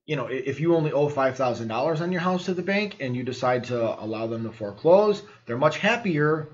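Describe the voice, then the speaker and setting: A man's voice: medium pitch, expressive, a little fast. A man hosting a podcast, talking casually with plenty of fillers and encouraging listeners. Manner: conversational, filler-heavy, encouraging. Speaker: podcast host. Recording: slightly muffled podcast audio.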